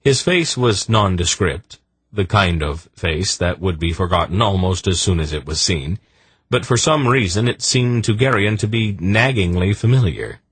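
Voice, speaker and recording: A man narrating an audiobook in a measured, expressive storytelling manner. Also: low voice, slightly rough, no echo.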